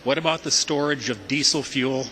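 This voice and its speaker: Bright-voiced man questioning in an echoing chamber. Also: mid-range voice, normal speed, slight background noise. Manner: hesitant, with many "uh" fillers. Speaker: state representative. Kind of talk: questioning during a legislative floor debate. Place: large legislative chamber. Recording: long reverb of a large chamber.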